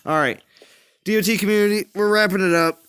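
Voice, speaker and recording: A man's voice: sits high, quick pace, crowd noise. A man hosting a casual gaming livestream, reading chat aloud and laughing often with his friends. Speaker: stream host.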